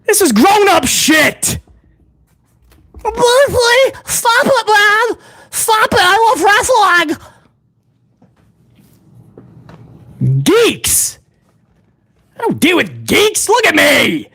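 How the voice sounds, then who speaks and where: A loud, bragging heel who shouts profane taunts at his critics, his voice pushed high and bright, swinging wildly up and down, as a man puts him on for a comic rant. He talks in a bright, strained bark. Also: huge pitch swings, slow pace, gravelly, long pauses, full character voice. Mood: scornful. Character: brash loudmouth heel bragging man, adult. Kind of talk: comedic rant in character.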